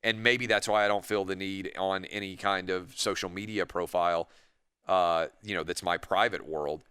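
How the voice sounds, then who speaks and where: A man hosting a radio talk show, talking in a rambling, animated way and acting out imagined conversations. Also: sits low, moderate pace, clear, resonant tone, dry recording, clean studio sound. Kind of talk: opinionated radio monologue. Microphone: studio microphone.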